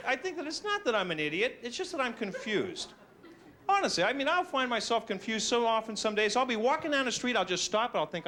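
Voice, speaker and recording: A man doing a stand-up routine, self-mocking and animated, slipping into silly voices. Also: very high voice. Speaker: stand-up comedian.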